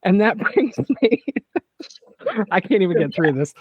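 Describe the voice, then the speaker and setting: A man hosting a podcast, talking in a rambling, excitable way and swearing freely. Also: high voice, a little slow, dry recording, phone-quality sound. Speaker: podcast host. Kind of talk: casual podcast discussion.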